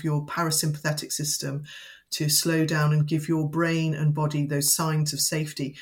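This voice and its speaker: A woman educator giving calm, measured advice as a guest in an interview. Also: low-pitched. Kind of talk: interview explanation.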